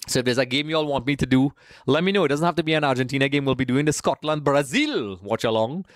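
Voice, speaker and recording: A man's voice: mid-range voice, fast, no room sound, studio quality. Chatty man hosting a stream. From Trinidad. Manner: chatty, greets viewers by name, keeps saying folks. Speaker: live stream host. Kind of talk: casual live watch-along chat.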